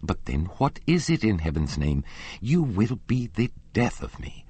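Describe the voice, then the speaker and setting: A man's voice: on the low side, big pitch swings, a little slow, dark tone, slightly rough, no room sound, pitched above the performer's own voice, full character voice. A man voicing an anxious, simple old widow in an audiobook. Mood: alarmed.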